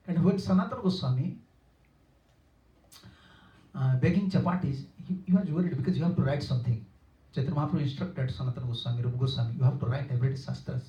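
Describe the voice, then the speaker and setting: Heard from a distance in an echoing temple hall, an older man gives a storytelling sermon as a spiritual teacher. His voice is a little high with the highs cut off, and his simple non-native English repeats itself, livening up whenever he voices characters.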